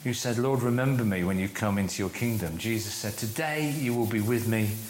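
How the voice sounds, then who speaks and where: Measured man teaching in an echoey room. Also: fairly low pitch, a little hiss or hum. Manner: measured, slows down to stress key phrases. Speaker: course leader giving a church talk. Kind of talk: teaching talk to a group. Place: room with a live audience.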